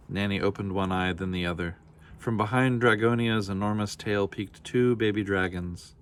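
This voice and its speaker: A man calmly reading a children's picture book aloud in a measured storytelling manner. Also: deep voice. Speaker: storybook reader.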